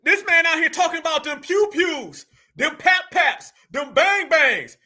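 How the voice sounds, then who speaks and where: An American man hosting reaction commentary, animated and loud, slangy and mocking, often shouting. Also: very high-pitched, a little slow. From United States. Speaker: commentary channel host.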